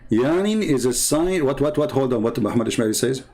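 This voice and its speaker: A man hosting a live-stream debate, speaking at a medium pitch with a sarcastic, scolding edge. He is emphatic and stops now and then to read viewers' comments. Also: expressive, brisk, darkish tone. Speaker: online religious debater.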